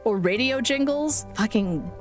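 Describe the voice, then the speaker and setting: A woman's voice: on the high side, animated, unhurried. Rambling, laughing woman in her forties. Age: 40s. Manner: rambling, self-deprecating, swears casually, laughs often. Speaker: streamer. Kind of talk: casual chat on a game stream. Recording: faint music behind.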